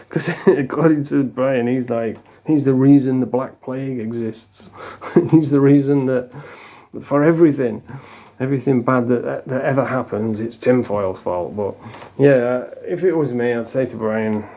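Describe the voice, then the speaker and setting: A man's voice: mid-range voice, normal speed, dark tone. A middle-aged man ranting casually to camera as the host of a commentary channel, blunt and scornful, swearing freely and restarting his sentences.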